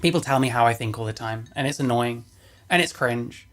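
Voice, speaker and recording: A woman's voice: very deep voice, a little fast. A woman reacting to a video on stream, sarcastic, swearing and dismissive in casual commentary.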